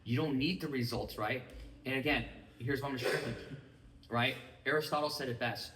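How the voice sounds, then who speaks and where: A man giving an energetic motivational training talk to a live group, often checking that his listeners follow him. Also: medium pitch, brisk, background noise. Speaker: business mindset trainer. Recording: echoey room, mic at a distance.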